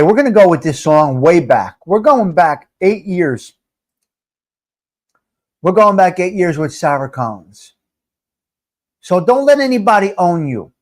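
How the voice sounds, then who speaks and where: A man's voice: sits high, very animated, unhurried, pauses often. A middle-aged man hosting a live stream, chatting casually and joking with his viewers as he talks straight to them.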